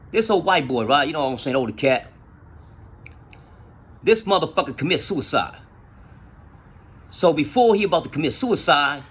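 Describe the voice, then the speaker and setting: Husky man telling profane street stories. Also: fairly high pitch. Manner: profane street slang, animated retelling. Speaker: storyteller. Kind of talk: casual storytelling.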